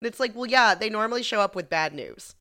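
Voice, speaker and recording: A woman's voice: mid-range voice, lively intonation, fast talker, bright, forceful tone. A woman co-hosting a podcast, retelling a TV episode in chatty, sarcastic talk full of "like". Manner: chatty, sarcastic, many "like"s, laughs while retelling. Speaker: podcast co-host. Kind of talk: casual recap chat.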